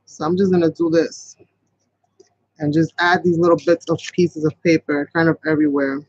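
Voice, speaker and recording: A chatty man with a fairly high voice leads a casual live craft tutorial, rambling along as he works. The sound is dull and lo-fi, and the voice comes through dry and close with little room around it. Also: flat delivery, normal speed, dry recording. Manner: chatty, rambling, talks to viewers as "you guys". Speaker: craft channel host.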